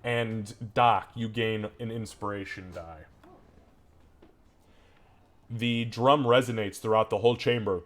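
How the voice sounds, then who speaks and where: A man with a somewhat low voice runs a tabletop game as its game master. He narrates in a casual, profane way. The tone stays easygoing as he moves through the action. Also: steady tone, takes it slowly, pauses often.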